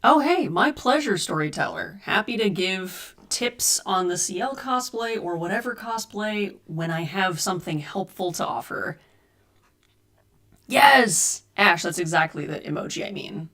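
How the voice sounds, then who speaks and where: A woman's voice: mid-range voice, normal speed, few pauses, a bit bright. A woman chatting casually with her viewers on a live stream from home, reading and answering chat and troubleshooting her audio. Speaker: cosplay streamer. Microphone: desk USB mic.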